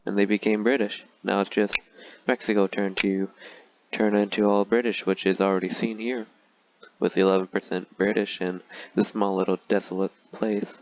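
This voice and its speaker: A man's voice: lowish voice, fairly even intonation, normal speed, dull audio, noisy background. A man talking casually and sarcastically through a strategy game, with frequent filler words. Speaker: gaming video creator.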